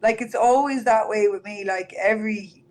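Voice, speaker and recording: This young Irish woman, an MMA fighter appearing as a guest, speaks at normal speed in a medium-pitched, slightly mellow voice. Interviewed about her career, she is candid and chatty, using "like" a lot. The audio quality is poor.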